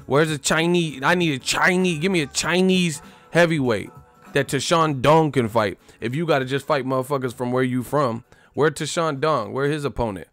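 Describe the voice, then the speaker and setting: A man giving casual, profane, mocking commentary as a boxing commentator, with sudden loud outbursts. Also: a little high, moderate pace, faint music behind.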